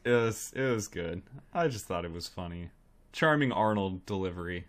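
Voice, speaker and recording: Low-voiced, laid-back male podcast co-host. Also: animated, moderate pace. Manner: laid-back, wry, chuckling. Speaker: podcast co-host reviewing films. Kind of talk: casual chat.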